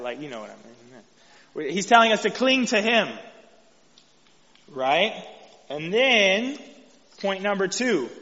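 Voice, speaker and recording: Texan male preacher, chatty sermon style with a bright, forceful tone; dull recording with long hall reverb. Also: high-pitched. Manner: casual and conversational, frequent "right?" asides. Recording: echoey hall, dull lo-fi sound.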